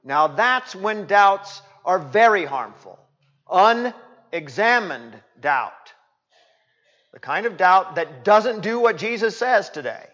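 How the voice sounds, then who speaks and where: Man, pastor, sermon, high voice, emphatic repetition, loud-to-hushed swings, muffled lo-fi sound. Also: sing-song, slow. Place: church sanctuary. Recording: reverberant, dull lo-fi church recording.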